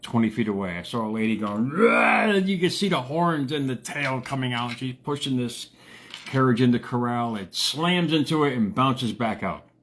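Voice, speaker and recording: A man chats to his listeners like a motivational host, telling stories in a loose, playful way. He jumps his voice up for quotes and punchlines. Faint hiss sits under his mid-pitched voice. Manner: animated, jokey, acts out quotes with big pitch jumps. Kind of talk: casual storytelling monologue.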